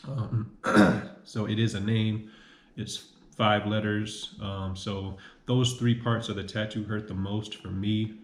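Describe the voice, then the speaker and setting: Lowish-voiced young man rambling in an echoey room. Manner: rambling, repeats himself, many "um"s. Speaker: vlogger. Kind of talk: casual vlog monologue.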